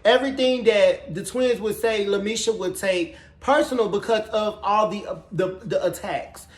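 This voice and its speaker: Speaking at normal speed, this TV recap reviewer has a high voice and an animated, flamboyant way of telling it. He's sassy, gossipy, and swears freely, and his room has an echo.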